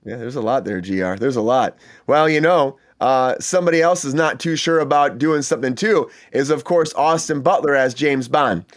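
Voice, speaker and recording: A man's voice: mid-range voice, normal speed, hardly any pauses. A man hosting a casual entertainment news chat, talking in a chatty, enthusiastic way with many fillers and asides. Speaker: host.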